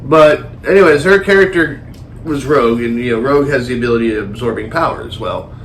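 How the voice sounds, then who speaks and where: Rambling, animated male podcast host. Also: mid-range voice, a little fast, slight background noise. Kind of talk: casual movie review chat.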